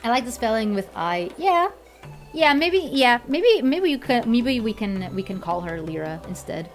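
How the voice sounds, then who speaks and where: A woman's voice: fairly high pitch, very animated, moderate pace, soft background music. A young woman streaming casually as a VTuber, rambling and laughing often, repeating herself as she goes. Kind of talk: casual chat.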